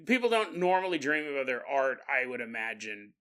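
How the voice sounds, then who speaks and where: Bright-voiced man telling a story. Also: mid-range voice, sing-song, fairly quick, few pauses. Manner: jokey, acts out quoted voices, laughs often. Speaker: podcast host. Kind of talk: casual storytelling monologue.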